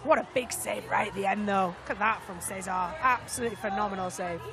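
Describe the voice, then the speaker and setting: A woman's voice: medium pitch, a little fast, creaky, a loud crowd. A woman from England with a Lancashire accent, enthusiastically talking through match replays as a pundit. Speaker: football pundit. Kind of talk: match highlights analysis.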